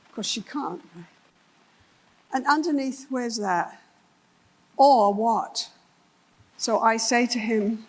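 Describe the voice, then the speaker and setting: An older woman with an English accent delivers a conference keynote with a slightly high voice. She tells case stories with energy and slips into the voices of the people in them. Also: takes it slowly, long pauses, low-quality recording. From England. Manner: animated, acts out voices in her stories. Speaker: therapist giving a conference talk. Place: conference hall.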